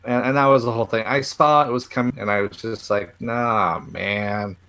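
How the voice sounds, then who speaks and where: A man's voice: mid-range voice, fast, fairly bright tone. A man co-hosting a casual movie review chat, laid-back and matter-of-fact. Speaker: podcast co-host.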